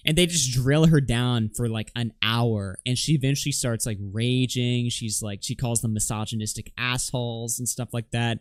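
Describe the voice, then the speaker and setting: A man's voice: mid-range voice, moderate pace, few pauses, dry recording, clean studio sound. A man streaming live, reacting to clips with sarcastic, laughing commentary. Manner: mocking, sarcastic, laughs a lot.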